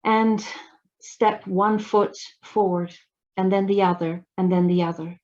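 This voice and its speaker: A woman channeling Father God, a loving divine father spirit, speaking in slow, halting blessings over muffled video-call audio. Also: mid-range voice, fairly even intonation, a little mellow, natural voice. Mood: tender, reassuring. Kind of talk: trance channeling.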